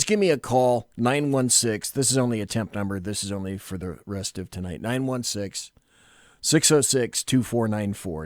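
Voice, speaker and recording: A man's voice: mid-range voice, unhurried, soft background music. A man hosting a call-in radio show, bantering and laughing easily with guests and callers. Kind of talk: casual call-in radio talk.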